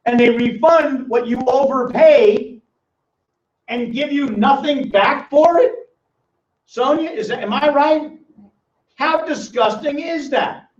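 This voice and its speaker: A man's voice: very high-pitched, takes it slowly. Teasing older man lecturing a room. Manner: teasing, quizzes audience by name. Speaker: financial educator. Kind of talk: live classroom seminar. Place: seminar room with small audience. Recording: roomy, distant, dull lo-fi sound.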